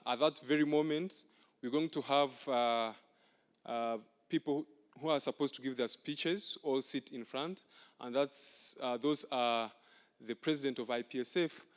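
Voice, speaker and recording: A man hosting a ceremony speaks casually and hesitantly to the audience. His mid-pitched voice rings with the long reverb of a large hall. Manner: relaxed, hesitant with many fillers. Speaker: master of ceremonies. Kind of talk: casual event announcements.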